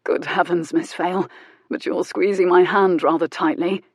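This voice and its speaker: A woman voicing a poised, wealthy male marquess who speaks in a low, teasing, intimate murmur. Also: fairly even intonation, normal speed, slightly rough, no echo.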